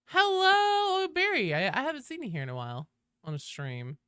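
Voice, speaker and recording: A woman streamer chatting casually with her viewers while gaming. She swears freely and greets people in a high sing-song. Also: wildly swooping pitch, fast talker, fairly bright tone, clean tone, no echo. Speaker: game streamer.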